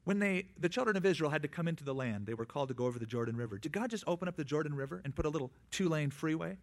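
A man preaching in a relaxed, conversational way. His voice sits fairly high, and he slips quick asides and little acted-out quotes into the sermon. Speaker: pastor.

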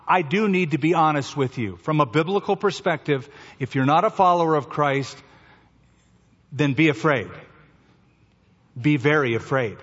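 A male pastor preaching an Easter sermon, slowing down and dropping to a soft, low voice for emphasis. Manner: slows down for emphasis, drops to a soft low voice at key phrases. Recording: dull sound with long hall reverb.

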